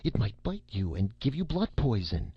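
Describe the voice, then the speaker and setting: A man's voice: mid-range voice, big pitch swings, moderate pace, slightly rough, dry recording, lo-fi sound, voice pushed up. A man voicing a worried, fussing mother who presses with alarmed questions.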